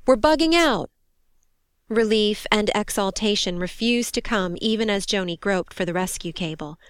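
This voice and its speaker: A woman reading a war story aloud in steady, measured scripted narration. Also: mid-range voice, smooth, no room sound, clean studio sound. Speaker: audiobook narrator.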